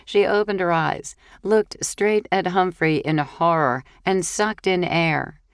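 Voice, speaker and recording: A woman narrating a cozy mystery audiobook in a measured, even storytelling voice. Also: on the low side, clear, resonant tone, no echo, studio quality. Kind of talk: scripted narration.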